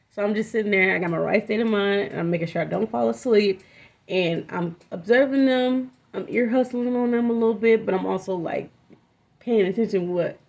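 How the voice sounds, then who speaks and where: Young woman rambling thru a storytime, lots of ums, kinda gravelly, muffled lo-fi sound. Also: medium pitch, darkish tone. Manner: candid, profane, rambling with many fillers. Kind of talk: casual storytime vlog. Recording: dull lo-fi audio.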